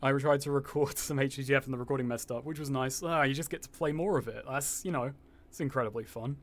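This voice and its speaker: A man's voice: medium pitch, quick pace. Casual, swearing young male streamer. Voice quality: slightly posh-sounding. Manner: rambling, swears freely, reads chat aloud. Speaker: gaming streamer. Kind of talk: casual livestream chat.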